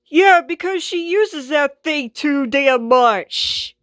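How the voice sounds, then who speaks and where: Lady voicing a fed up washing machine, sarcastic, sighs a lot, slow talker. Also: high voice, expressive, fairly bright tone, no room sound, studio quality, exaggerated voice. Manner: sighing, exasperated, sarcastic. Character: exasperated sensible female washing machine. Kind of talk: homemade skit voice acting.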